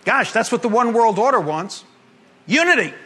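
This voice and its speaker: A man preaching a sermon to a congregation, animated and humorous, moving between emphatic and hushed delivery. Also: very high-pitched, normal speed, slightly rough. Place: congregation gathering.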